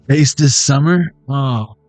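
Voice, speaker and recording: Speaking very slowly in a medium-pitched, darkish voice, a middle-aged card reader jokes through a casual stream for his viewers, peppering it with pop-culture riffs. There's no room sound, just soft background music.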